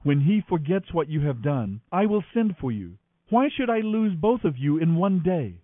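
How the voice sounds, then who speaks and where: A man's voice: on the high side, big pitch swings, normal speed, dry recording, phone-quality sound, voice pushed up. A man voicing an anxious mother urging her son to flee, in a dramatic scripture reading over a radio broadcast. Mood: urgent. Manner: urgent, worried.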